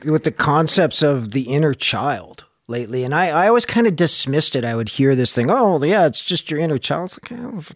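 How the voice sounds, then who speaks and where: A man's voice: fairly high pitch, dry recording, clean studio sound. A man in casual conversation, talking in a reflective, searching way and swearing now and then. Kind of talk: casual chat.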